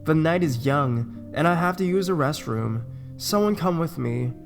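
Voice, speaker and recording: A man's voice: fairly high pitch, expressive, moderate pace, creaky, soft background music, pitched above the performer's own voice. A man voicing a sarcastic, bossy young woman on a camping trip, in a pushy, teasing manner. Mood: eager.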